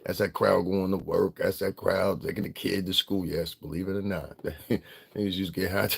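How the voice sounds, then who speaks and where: Deep gravelly man ranting casually. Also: little pitch movement, normal speed. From Connecticut, US. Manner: blunt, profane, laughs often. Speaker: vlogger. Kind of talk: casual livestream rant.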